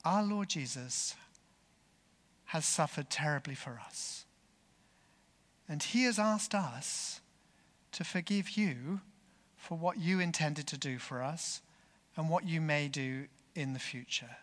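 A man voicing a young, gentle hospital carer who speaks softly and calmly to reassure. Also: high-pitched, normal speed, long reverb tail. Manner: soft, calm, reassuring.

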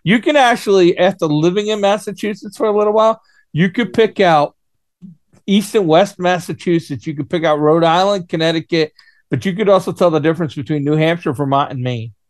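A man co-hosting a casual podcast chat, cracking teasing jokes and quick comebacks. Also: sits high, dry recording. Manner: teasing, quick-witted banter. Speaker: podcast co-host.

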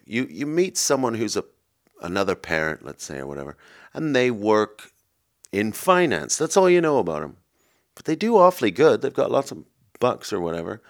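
A man who is a comedian hosting a podcast, rambling through absurd improvised chat in a deadpan way with lots of restarts. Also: mid-range voice, no room sound, studio quality.

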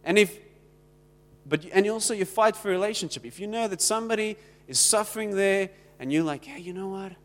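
A man's voice: sits high, brisk, long reverb tail. A South African man preaching a sermon in a conversational way, acting out the little exchanges he quotes. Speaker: pastor.

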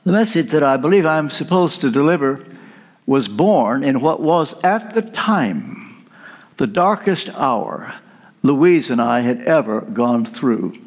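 A man delivering a sermon as a guest preacher, telling a story with dramatic pauses. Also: mid-range voice, animated. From United States.

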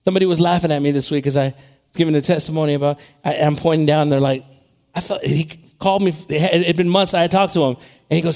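A man preaching a sermon, dropping to quiet, conversational asides and then rising to loud, emphatic shouts, with laughter along the way. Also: on the high side, fast. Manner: animated, with laughter and restarts. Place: church.

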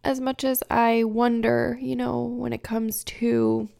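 Here a podcast host, a woman in her thirties, talks through a casual personal monologue with emotion and candor, frequently groping for the right words. Her voice sits on the high side, dark and gravelly with fry, and she keeps a level tone while taking it slowly.

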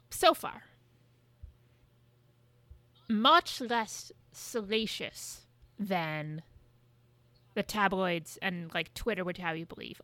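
A woman's voice: fairly low pitch, a bit bright, no room sound. Swearing, chatty woman podcast co-host. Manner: chatty, frequent swearing and hedging fillers. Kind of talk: casual podcast chat.

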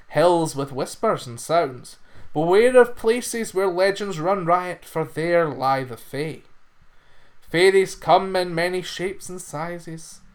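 A man voicing a mother solemnly warning her son about fairies in slow, measured words. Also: fairly high pitch. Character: cautioning mother, wise and solemn.

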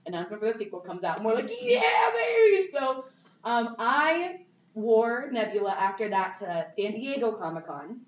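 A young woman telling a story in a bubbly, animated way, full of "like"s. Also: mid-range voice, brisk. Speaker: cosplayer guest. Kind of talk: casual storytelling. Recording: echoey, dull, distant mic with faint noise.

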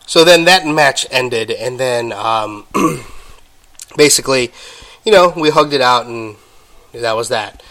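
A man hosting a podcast, telling a story in casual solo talk while getting over an illness, halting with many ums and restarts and stopping now and then to cough. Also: mid-range voice, animated, bright, forceful tone. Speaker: podcast host.

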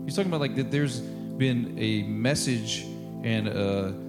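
A man's voice: mid-range voice, unhurried, over loud music. A man preaching a sermon in a casual, conversational way, acting out quotes and laughing now and then. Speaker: pastor.

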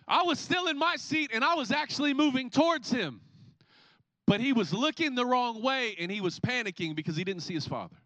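A man in his thirties preaching a sermon as a pastor, telling stories in an animated way and acting out the scenes. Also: very high-pitched, a little fast, dry recording, dull audio. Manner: animated storytelling, acts out scenes. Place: church.

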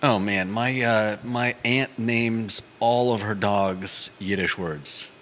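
A man's voice: on the low side, slow, fairly bright tone, in a large hall. A man from California co-hosting a talk show, chatting in a laid-back, hesitant way and laughing easily. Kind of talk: casual chat.

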